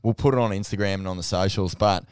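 A man's voice: sits low, steady tone, fast talker, clear, resonant tone, no room sound, studio quality. A man hosting a casual chat, telling stories animatedly and swearing freely. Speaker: podcast host.

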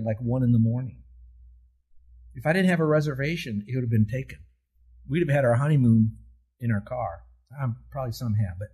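A man's voice: mid-range voice, darkish tone, slightly rough. A man in his seventies preaching a sermon, teaching in an emphatic way with rhetorical questions and telling listeners to circle and underline words. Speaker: pastor.

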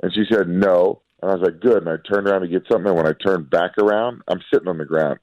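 A man chatting casually as a podcast co-host, telling animated stories about his young daughter. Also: low-pitched, racing, no room sound, muffled recording. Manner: animated storytelling, mimics his toddler's voice. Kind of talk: casual chat.

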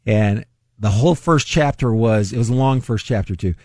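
A man's voice: fairly low pitch, moderate pace, dark tone, no echo, studio quality. A man hosting a finance radio show, talking casually and laughing often at his own jokes. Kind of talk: casual solo talk.

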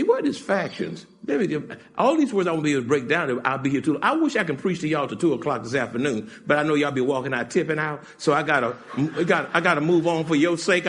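A man preaching a sermon in a lively, animated style. He swings from shouts to near-whispers, laughs often, and his has a sound. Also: on the high side. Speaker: pastor.

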